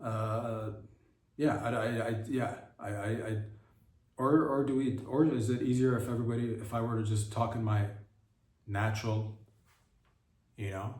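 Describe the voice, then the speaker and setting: A man's voice: medium pitch, flat delivery, normal speed, pauses often, a little mellow. Rambling man, roomy and distant. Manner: rambling, irreverent rhetorical riffs. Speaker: podcast host. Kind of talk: comedic solo monologue.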